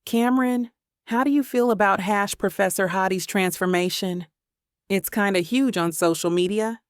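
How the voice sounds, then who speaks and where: A woman's voice: medium pitch, moderate pace, clean tone, no room sound, clean studio sound, natural voice. A woman voicing a curious young female fan asking an eager question.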